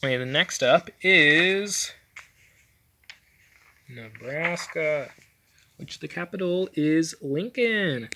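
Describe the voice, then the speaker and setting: A man's voice: on the high side, expressive, slow, long pauses, sharp tone, a little hiss or hum. A young man casually talking over a map, rambling with lots of fillers and self-corrections as he ranks things. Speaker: vlogger.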